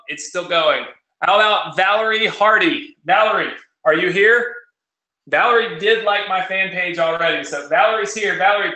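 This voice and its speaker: A man hosting a live online cash giveaway, talking fast in a rapid-fire, auctioneer-like way. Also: high voice, pushed and bright. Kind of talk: live-streamed webinar talk. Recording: roomy echo.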